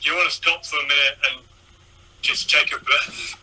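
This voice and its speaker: A young man with a very bright, sharp voice, pitched a little high, co-hosts a casual movie chat. He meanders through trivia and asides, restarting his sentences often. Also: fairly even intonation, moderate pace, poor audio. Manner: chatty, wanders through trivia with many ums and restarts. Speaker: movie review co-host.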